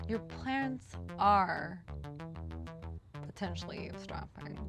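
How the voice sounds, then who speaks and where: A chatty woman rambling through a casual vlog monologue with a gravelly, fry-edged voice. Her pitch swings widely as she talks, and music plays clearly in the background. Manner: chatty, rambling, self-deprecating, with profanity. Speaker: podcast host.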